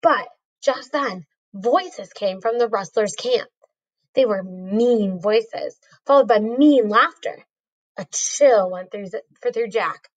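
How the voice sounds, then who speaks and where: A woman's voice: on the high side, slow, low-quality recording. A woman reading a storybook aloud, carefully, with a few small slips. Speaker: reader.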